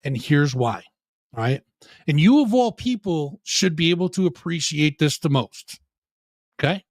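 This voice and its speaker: A man's voice: on the high side, animated, measured pace, no room sound, studio quality. A man hosting a live rock show stream, joking and profane, playing up a mock apology. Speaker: podcast host.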